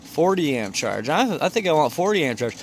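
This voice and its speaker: Rambling, high-voiced man vlogging outdoors. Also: sing-song, brisk, a little hiss or hum. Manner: rambling, jokey and self-talking. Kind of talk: casual vlog. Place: outdoors by a car in cold weather.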